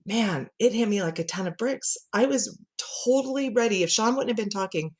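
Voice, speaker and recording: A middle-aged woman, a communication coach, chatting as a podcast guest and telling animated stories with frequent laughter. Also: mid-range voice, a little fast, slightly rough. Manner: lively storyteller who laughs often and acts out quotes. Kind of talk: conversational podcast interview.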